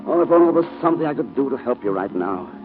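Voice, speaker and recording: An actor in 1940s radio acting, playing a devoted husband who speaks tenderly and reassuringly. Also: male voice, medium pitch, sing-song, fast. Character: devoted, protective husband, middle-aged. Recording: narrow-band 1940s radio broadcast with music.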